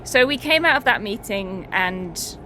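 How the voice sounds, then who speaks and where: A woman's voice: medium pitch, expressive, a little slow, background noise. A woman streamer chatting casually, swearing and laughing often as she recaps a tabletop game.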